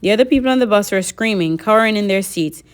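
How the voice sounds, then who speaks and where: A woman narrating a novel aloud in a lively audiobook reading, voicing the characters. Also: mid-range voice, fast, smooth.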